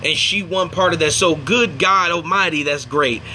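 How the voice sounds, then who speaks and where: A young man from Indiana, United States, hosts a casual livestream, animatedly telling stories, acting out quotes, and breaking off mid-story to thank viewers. His voice is a little high at a moderate pace, with soft background music.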